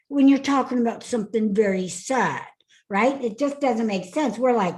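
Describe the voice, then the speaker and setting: This woman's voice sits up high as she coaches a live online class over a video call. She is upbeat, laughs easily, and keeps calling on attendees by name. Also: normal speed, a little mellow, rough recording. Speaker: speaking coach.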